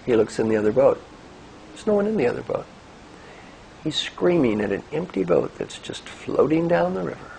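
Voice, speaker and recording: Older male coach, gravelly voice, expressive and lively delivery. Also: a little high, normal speed, slight background noise, low-quality recording. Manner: animated storytelling, gentle coaching. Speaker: executive coach. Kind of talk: motivational talk with guided exercise.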